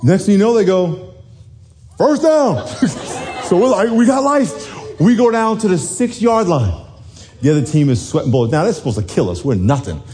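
A man in his forties, a little hoarse, telling a lively football story to a congregation, dropping low then shouting high. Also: a little fast, soft background music. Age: 40s. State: hoarse from yelling. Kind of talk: animated storytelling sermon.

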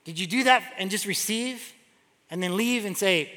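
A man pastor preaching a sermon in a church, animated and acting out quoted voices as he tells the story. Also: sits high, fairly quick, in a large hall. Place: large church hall.

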